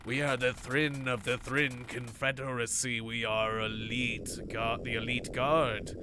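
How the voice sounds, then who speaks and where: A man voicing a haughty male alien lizard guard captain in a video game, speaking slowly and stately. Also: mid-range voice, little pitch movement, pushed and bright, slight background noise.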